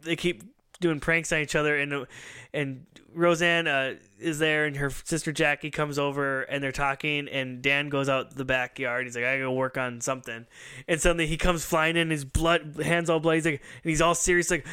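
A man's voice: fairly high pitch, fairly even intonation, fairly quick, sharp tone, clear, resonant tone. A man hosting a pop culture show, casually retelling a story at length and acting out the lines he quotes. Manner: rambling storyteller who acts out quoted lines, laughs often. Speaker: podcast host. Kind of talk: casual chat.

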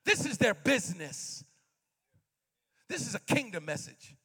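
A young man in his twenties preaching a sermon with fervor, repeating refrains and often shouting out lines. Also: high-pitched, very animated, unhurried, slightly rough.

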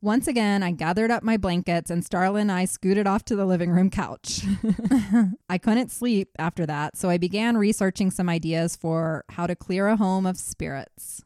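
A woman's voice: mid-range voice, moderate pace, darkish tone, dry recording, clean studio sound. A woman co-hosting a podcast, reading a listener's ghost story aloud and breaking off to joke, laugh and swear casually.

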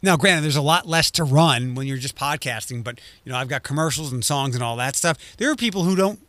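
A man's voice: medium pitch, fairly quick, a bit bright, no echo. A man, a radio host, chatting casually and restarting his sentences with fillers. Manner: chatty, self-interrupting with fillers. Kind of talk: casual chat.

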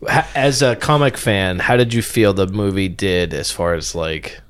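A man's voice: deep voice, moderate pace, clear, resonant tone. A young man in casual podcast chat, easygoing and enthusiastic with many fillers.

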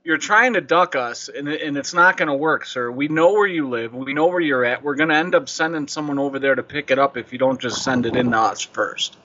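Deadpan radio prank host. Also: male voice, a little high, fairly quick, few pauses, highs cut off. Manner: calm, stubborn, deadpan.

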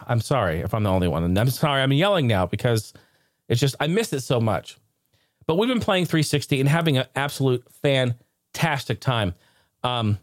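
A man hosting a casual live stream, excitable and ranting one moment, joking the next. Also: mid-range voice, no echo, studio quality. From United States. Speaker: streamer and show host.

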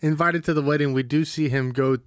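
A man's voice: fairly high pitch, fairly even intonation, brisk, no echo. Joking man in a dry close recording. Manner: joking, laid-back, playfully dramatic. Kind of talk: casual chat about a movie.

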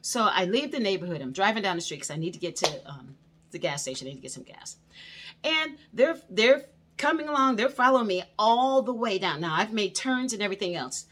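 Animated woman telling a story. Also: medium pitch, brisk, slight background noise. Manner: animated, rising and loud when quoting herself. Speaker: host. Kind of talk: personal storytelling. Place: indoor studio under hot lights.

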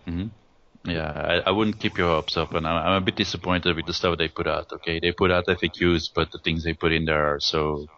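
Man, very low voice, monotone, hesitant with fillers, dull lo-fi recording. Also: fairly quick. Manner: hesitant, many restarts and fillers. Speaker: guest, tournament rules writer. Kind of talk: casual interview over a call. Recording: dull lo-fi audio.

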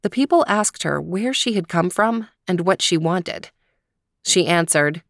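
A woman telling a folk tale in a calm, even storytelling manner. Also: lowish voice, measured pace, vocal fry, no echo, studio quality.

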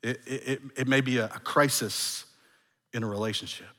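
Middle-aged pastor preaching in a reverberant hall. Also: male voice, medium pitch, fairly even intonation, moderate pace. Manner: earnest, swinging from raised emphasis to hushed, soft delivery; repeats words and restarts phrases. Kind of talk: sermon.

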